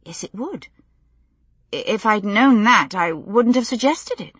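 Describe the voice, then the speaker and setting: A woman voicing a young pregnant woman who talks in an earnest, halting, blurting way. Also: mid-range voice, expressive, a bit bright, breathy edge, no echo, exaggerated voice.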